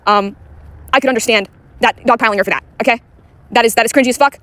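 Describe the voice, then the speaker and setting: A woman's voice: fairly high pitch, quick pace, fairly bright tone, no room sound. A woman giving casual online commentary, talking frankly with lots of fillers and swearing. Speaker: commentary YouTuber.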